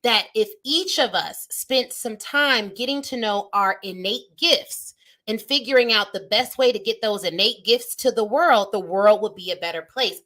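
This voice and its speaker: A woman's voice: fairly high pitch, a bit bright. A woman in her thirties hosting a live-stream motivational talk, speaking emphatically and straight to her viewers in a preacher-like way. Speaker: business coach and show host. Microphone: phone or webcam on a live stream.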